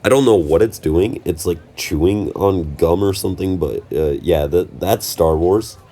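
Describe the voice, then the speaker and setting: Young male vlogger, low-pitched, loose joking voice-over with plenty of stumbles. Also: moderate pace, mellow. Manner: rambling, jokey, self-correcting. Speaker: channel host. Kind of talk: casual vlog commentary over trip footage.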